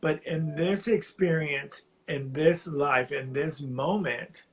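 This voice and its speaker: A man calling in to a live reading, sharing something painful in a halting, heartfelt way while close to tears. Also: fairly high pitch, rough recording. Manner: halting, heartfelt, slow, often restarting phrases. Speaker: caller on a live psychic reading. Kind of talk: emotional personal sharing.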